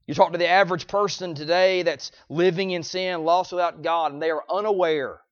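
High-voiced pleading preacher. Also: male voice, steady tone, fairly quick, no room sound, highs cut off. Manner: emphatic, repeats phrases, swings from loud pleading cries to low quiet lines. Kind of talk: sermon.

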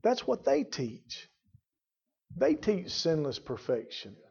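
A man preaching a sermon, fervent, rising to loud emphatic bursts. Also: on the high side, huge pitch swings, slow, gravelly, breathy edge, dull audio. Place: church.

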